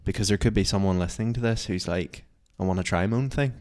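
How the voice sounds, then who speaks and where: A man's voice: fairly low pitch, fast talker, a little mellow. A young man, co-hosting a casual podcast and rambling with lots of fillers. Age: young adult. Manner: rambling, heavy use of "like". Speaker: podcast co-host. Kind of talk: casual chat.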